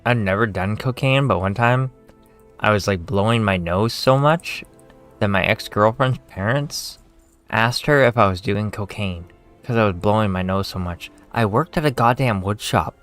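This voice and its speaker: A young man with a Canadian accent talks in a slightly low voice during a casual game stream. He rambles from thought to thought, swears freely and pokes fun at himself. Soft music plays faintly behind him. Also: moderate pace, clear, resonant tone. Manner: rambling, profane, self-mocking.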